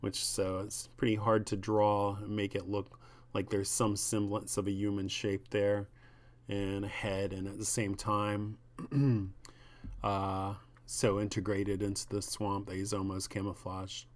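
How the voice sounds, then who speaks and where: A man reading aloud from a comic and commenting on it in a slow, musing way. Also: fairly low pitch, completely flat delivery. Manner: slow, musing, with ums and asides. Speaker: comics reviewer.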